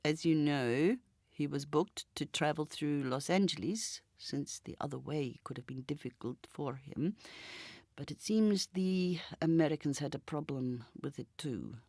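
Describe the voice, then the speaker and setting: A courteous German man with a German accent, speaking low and unhurried, as a woman reading aloud puts him on. Every sentence is formal and measured. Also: darkish tone, no room sound, clean studio sound. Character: formal German man, polite bearer of bad news.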